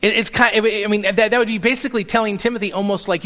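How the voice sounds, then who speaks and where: Pastor guy preaching, kinda high voice, earnest and pushy, dull sound with hall reverb. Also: fast talker. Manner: earnest, urging, animated when quoting. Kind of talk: sermon.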